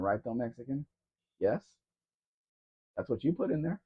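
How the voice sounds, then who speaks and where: A man's voice: mid-range voice, big pitch swings, moderate pace, breathy edge. A man co-hosting a casual live question-and-answer stream, musing offhand about old cars. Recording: dull lo-fi stream audio.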